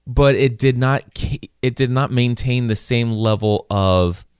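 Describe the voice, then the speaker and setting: A man's voice: mid-range voice, a little slow, clean tone, no echo, studio quality. A man co-hosting a casual chat, rambling with frequent restarts and repeated words.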